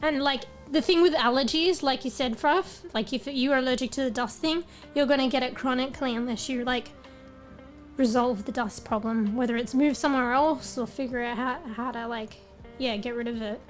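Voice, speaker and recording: Woman streamer, high pitch, losing her voice, rambling casual chat, faint music behind. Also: a little fast. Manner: rambling, casual, swears often.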